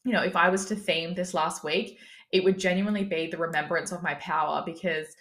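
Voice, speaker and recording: A woman's voice: lowish voice, steady tone, fairly quick, fairly bright tone. A young woman hosting her own podcast, talking candidly in a casual, chatty way, swearing freely and using lots of "like" fillers. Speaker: business coach, podcast host. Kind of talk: candid solo podcast monologue.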